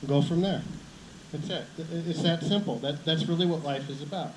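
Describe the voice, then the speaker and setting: A man teacher giving earnest graduation advice, halting and restarting as he speaks. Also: on the high side. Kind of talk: graduation speech. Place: outdoor ceremony with crowd. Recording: echoey outdoor sound with background noise.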